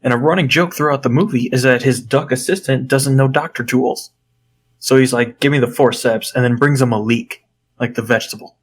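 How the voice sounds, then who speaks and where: A young man co-hosting a podcast, telling a story in a casual, animated way and swearing freely. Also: mid-range voice, a little fast, husky. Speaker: podcast co-host. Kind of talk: casual chat.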